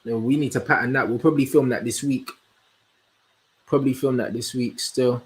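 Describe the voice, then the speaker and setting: A young man, hosting a casual livestream and chatting in an animated, slangy way as he answers comments. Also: medium pitch. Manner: slangy, animated, answers chat with quick asides. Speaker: host.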